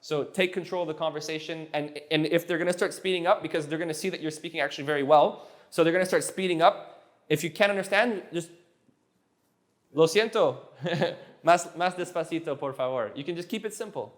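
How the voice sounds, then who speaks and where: A man with a slightly raised voice tutors a student in a relaxed session. He breaks phrases down and repeats them patiently, slowing right down to drill each word. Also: a little high. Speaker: language teacher.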